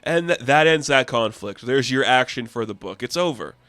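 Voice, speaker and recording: A man's voice: medium pitch, animated, moderate pace, a bit bright, no echo. A man reviewing a comic book issue in a chatty, enthusiastic way, laughing often.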